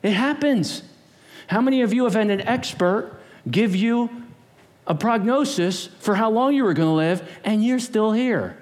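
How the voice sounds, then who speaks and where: Animated, lively-voiced preacher man. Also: sits high, normal speed. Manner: animated, playful, acts out voices. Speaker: pastor. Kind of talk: sermon.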